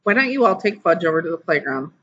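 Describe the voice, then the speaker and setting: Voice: medium pitch, big pitch swings, fast, fairly bright tone, lo-fi sound, a little hiss or hum. A reader voicing a fussing anxious mother. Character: worried mother of two young boys.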